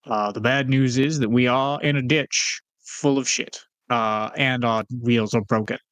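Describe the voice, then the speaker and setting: A man's voice: medium pitch, steady tone, unhurried, fairly bright tone, smooth, no echo. A man playing a tabletop game, polite and a bit hesitant, with many fillers. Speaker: player.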